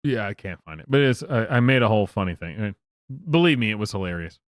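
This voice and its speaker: A man's voice: on the low side, lively intonation, quick pace, no echo, clean studio sound. A man streaming live, rambling through profane commentary with many fillers and restarts. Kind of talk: casual livestream commentary.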